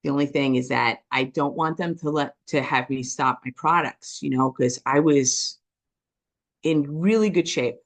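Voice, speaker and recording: A woman giving a personal testimony, talking quickly and passionately, often checking in with "okay?" and acting out voices as she tells her story. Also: low voice. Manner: animated storytelling with quoted dialogue. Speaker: business testimony speaker.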